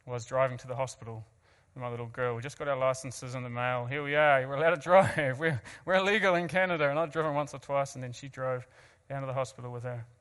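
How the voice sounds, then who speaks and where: A man's voice: medium pitch, fairly even intonation, quick pace, few pauses, fairly bright tone, smooth, big-room sound. A man from New Zealand with a New Zealand accent, earnestly telling an audience his personal story with self-mocking asides and frequent restarts. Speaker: guest speaker.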